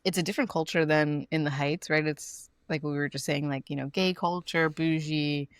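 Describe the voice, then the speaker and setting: A woman's voice: low-pitched, fairly even intonation, moderate pace, no room sound, studio quality. A woman co-hosting a podcast, chatty and thinking aloud with lots of fillers. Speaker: podcast co-host. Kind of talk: casual chat.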